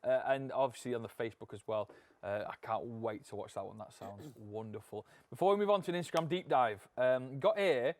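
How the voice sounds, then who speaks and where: A man's voice: medium pitch, brisk, no room sound. A man co-hosting a podcast, leading the chat with playful questions. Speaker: podcast co-host leading the segment. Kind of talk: casual chat.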